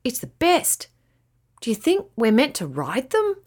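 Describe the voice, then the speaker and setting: A woman's voice: a little high, wildly swooping pitch, measured pace, a little mellow, heavily acted. A woman voicing a cheerful, eager young boy. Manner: eager, suggesting.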